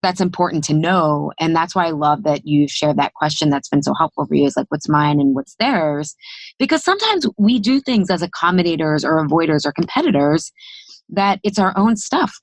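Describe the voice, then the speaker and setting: Low-voiced woman podcast host, dry sound. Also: fairly quick, no room sound. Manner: animated, thinks aloud with many restarts. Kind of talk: conversational interview.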